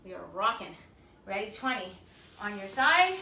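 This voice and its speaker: A woman fitness instructor leading a home workout, counting reps out loud and cheering her class on. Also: mid-range voice, big pitch swings, moderate pace, recorded from a distance. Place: her home, echoey room. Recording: echoey room, mic from afar.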